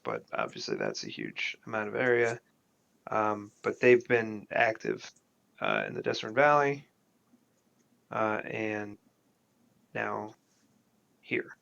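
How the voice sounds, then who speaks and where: A man with a lowish, gravelly voice speaking in character during a tabletop game. He hesitates and restarts his sentences often. The sound comes through a dull, lo-fi mic. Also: a bit bright. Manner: hesitant, many fillers and restarts. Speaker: player.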